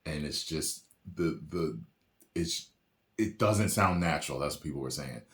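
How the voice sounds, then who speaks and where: A man hosting a reaction video, chatting casually with animated jokes and frequent laughter, recorded at home. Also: rumbling low, unhurried, roomy sound. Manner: animated, laughs often, jokey asides. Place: home room with a printer.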